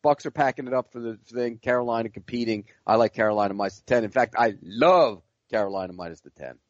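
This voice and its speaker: A man's voice: medium pitch, quick pace, no echo. A man co-hosting a sports podcast, talking in a blunt, matter-of-fact way. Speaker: podcast co-host. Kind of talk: casual sports betting talk. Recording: dull lo-fi audio.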